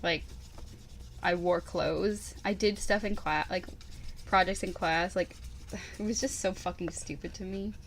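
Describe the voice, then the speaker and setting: A woman's voice: fairly low pitch, a little slow, pauses often, a little hiss or hum. A young woman co-hosting a podcast, telling a story in casual chat with frequent swearing and lots of "like". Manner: profane, animated storytelling. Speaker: podcast co-host.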